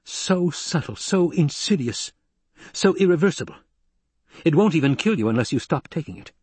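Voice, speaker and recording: A man's voice: on the high side, very animated, fast talker, darkish tone, breathy edge, no echo. Man voicing a tense, bitter young man. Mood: bitter, intense. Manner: intense, rising to hysteria. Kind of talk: audiobook character reading.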